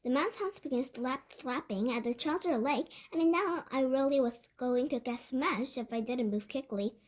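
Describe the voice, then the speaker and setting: A woman reading a children's novel aloud as a first-person story, lively and with occasional slips and restarts. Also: high-pitched, moderate pace. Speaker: book reader.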